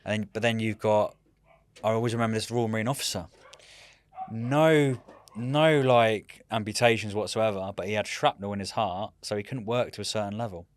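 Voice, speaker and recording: A man in his thirties, a military veteran guest, telling rambling, animated stories in casual chat and often saying "mate". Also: lowish voice, normal speed. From United Kingdom.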